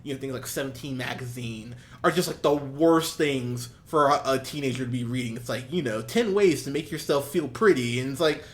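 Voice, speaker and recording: A man co-hosting a movie review podcast in casual chat, animated, swinging between loud and soft and laughing often. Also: medium pitch, brisk, few pauses. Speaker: podcast co-host.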